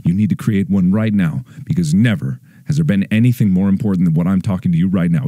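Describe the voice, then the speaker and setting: A man in his twenties making a mock-dramatic plea to his viewers, over-the-top solemn, swinging between hushed lines and near-shouts. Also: sits low, fairly quick, few pauses, breathy edge, no echo, clean studio sound. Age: 20s. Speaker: YouTuber.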